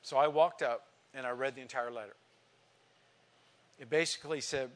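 A man's voice: medium pitch, fairly even intonation, moderate pace, pauses often. An older man, a pastor, telling an emotional story in a sermon, acting out the lines of the people in it. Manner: earnest, emotional storytelling with quoted dialogue.

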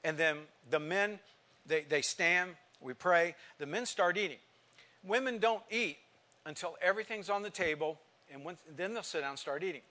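A man's voice: high-pitched, animated, normal speed, bright, forceful tone. A man preaching a sermon, telling a story and putting questions to the congregation.

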